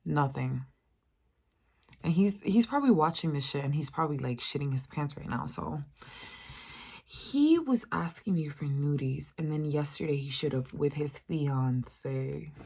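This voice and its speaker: A young woman in her twenties telling a storytime rant, profane and animated, putting on higher voices for the people she quotes. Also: measured pace, creaky, breathy edge. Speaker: vlogger.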